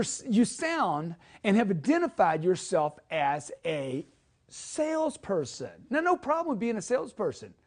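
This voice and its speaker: A middle-aged man giving a motivational sales lesson, emphatic and punchy, tagging his points with a quick "okay?". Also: high-pitched, darkish tone. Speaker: sales trainer.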